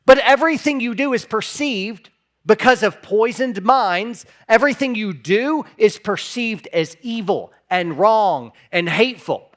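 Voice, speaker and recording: A man's voice: high voice, expressive, measured pace, a bit bright. A man preaching a sermon as pastor, impassioned, sometimes acting out imagined replies in a raised voice.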